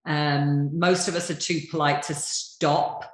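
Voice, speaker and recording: A woman hosting an interview, quickly rephrasing her guest's points and steering the talk. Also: deep voice, fairly even intonation. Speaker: podcast host. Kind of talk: conversational interviewing. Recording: echoey room.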